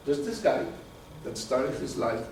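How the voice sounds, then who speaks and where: A man giving a live talk to an audience, animated and often repeating words as he searches for terms. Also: medium pitch, a little slow, a little hiss or hum. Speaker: presenter. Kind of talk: live lecture with audience questions. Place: meeting room with an audience. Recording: very echoey room from far off.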